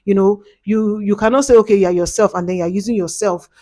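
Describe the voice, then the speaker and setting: A young Nigerian woman with a Nigerian accent gossips in a lively, dramatic way. Her voice sits at an ordinary middle pitch. The recording is close and dry, with no room sound. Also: a little fast, dry recording. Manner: animated, dramatic gossip with Pidgin asides. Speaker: reality show commentator. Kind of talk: casual chat.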